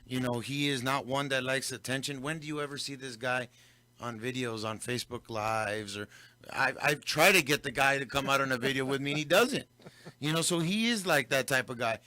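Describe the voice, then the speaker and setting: A man's voice: medium pitch, brisk, pushed and bright, no room sound. A man hosting a local radio show, telling a story and switching between English and Spanish. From Del Rio, Texas. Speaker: radio host. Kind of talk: casual radio talk.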